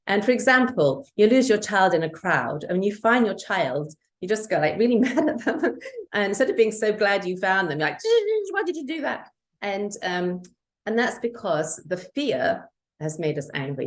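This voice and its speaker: A woman's voice: on the low side, expressive, normal speed. A woman guest in an interview, talking earnestly about parenting and acting out quoted dialogue. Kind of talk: conversational interview.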